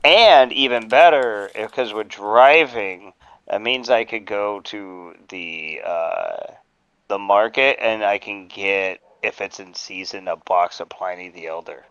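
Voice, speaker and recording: A man rambling in relaxed livestream chat on a headset mic. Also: on the low side, slow, smooth, no room sound, muffled recording.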